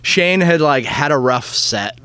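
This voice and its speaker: A man's voice: on the high side, measured pace, smooth. Guy in his 30s chatting on a comedy podcast, voice bounces up and down a lot, keeps restarting his sentences. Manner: animated storyteller, frequent stammered restarts. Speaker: comedian guest. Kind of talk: casual podcast chat.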